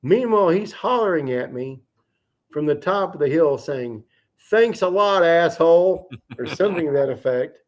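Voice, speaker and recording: Man, livestream host, fairly high voice, casual profane storytelling, animated. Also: normal speed. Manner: animated, profane anecdote-telling.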